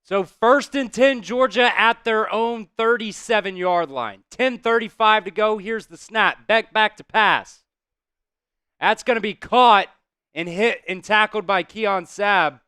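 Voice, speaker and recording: A man hosting a live stream, calling plays casually, reacting loudly, swearing and talking to his chat. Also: sits high, measured pace, clean tone, no room sound. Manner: excitable, swears, talks to chat. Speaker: host doing live play-by-play.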